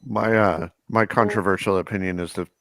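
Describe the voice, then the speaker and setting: A man's voice: fairly low pitch, steady tone, a little fast, gravelly, fairly bright tone, no echo. A man commentating a tabletop wargame, explaining tactics as he thinks aloud.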